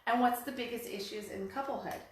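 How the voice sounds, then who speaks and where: A woman's voice: on the high side, a little fast. Middle-aged woman in an echoey room. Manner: animated storytelling, acting out quoted voices. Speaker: podcast co-host. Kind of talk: casual conversation about relationships. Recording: very echoey room, faint background noise.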